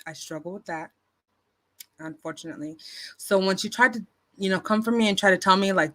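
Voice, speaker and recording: A woman's voice: mid-range voice, a little fast, pauses often, fairly bright tone. A woman vlogger telling a story casually into her phone, chatty, with lots of fillers and restarts. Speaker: YouTube commentary vlogger.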